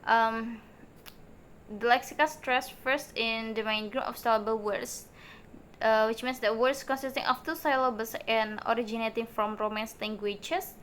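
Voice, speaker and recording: A young woman student giving a recorded class presentation, halting, with many fillers and restarts. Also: fairly high pitch, a bit bright, slight background noise.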